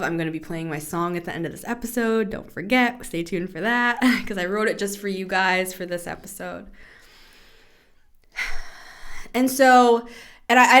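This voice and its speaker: A woman in her thirties hosting a tarot podcast, talking in a casual, chatty way, animated, laughing and swearing freely. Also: lowish voice. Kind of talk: casual spoken tarot reading.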